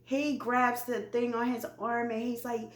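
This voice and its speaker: A woman's voice: a little high, measured pace, roomy sound. A woman vlogger telling a personal story candidly and animatedly, talking straight to her viewers. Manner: animated, chatty, addresses viewers directly.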